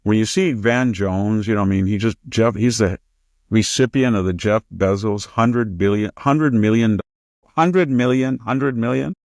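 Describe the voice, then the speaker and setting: An older American man with a low, gravelly voice talks politics as a show host. He argues emphatically, leaps up in pitch to mock others' words, and the sound is close and dry. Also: a little slow, darkish tone, no room sound. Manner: emphatic, mocking quotes in a raised voice. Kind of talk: political commentary conversation.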